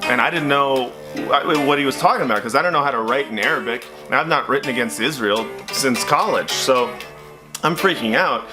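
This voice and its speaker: Stand-up-Comedian, erzählt lebhaft mit Musik. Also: male voice, mid-range voice. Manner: animated, acts out voices in his story. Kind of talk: stand-up storytelling.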